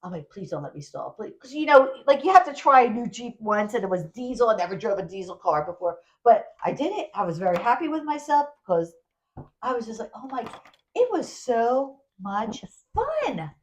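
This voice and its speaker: A woman co-hosting a podcast, telling a travel story in casual chat, animated and full of restarts. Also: on the high side, moderate pace, a little hiss or hum, poor audio. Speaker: podcast co-host.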